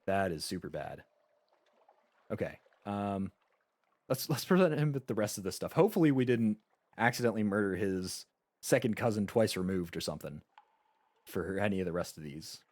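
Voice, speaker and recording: A man's voice: lowish voice, lively intonation, normal speed, long pauses, a little mellow, no echo. A man streaming a game live, reading its story text aloud and chatting casually with frequent stammered restarts.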